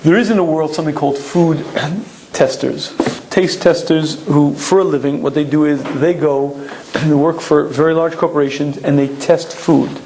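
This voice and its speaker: Guy lecturing on torah, kinda high voice, keeps clearing his throat, emphatic. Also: fairly even intonation, moderate pace, darkish tone, slight background noise, rough recording.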